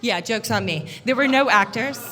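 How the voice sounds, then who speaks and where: A woman giving a funny wedding toast as the groom's sister, animated and laughing as she acts out the voices in her story. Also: a little high, normal speed. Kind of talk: humorous storytelling speech. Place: wedding reception.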